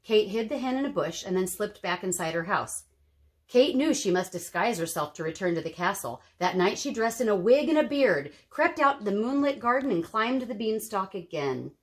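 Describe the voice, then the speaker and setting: Woman storyteller, gentle children's read-aloud, medium pitch. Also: animated, moderate pace. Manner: gentle, addresses young listeners.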